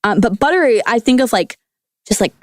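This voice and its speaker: A woman's voice: a little high, brisk, no echo, studio quality. A woman who used to be a food scientist, a podcast guest riffing playfully on words in casual chat. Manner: animated, silly, riffing on words.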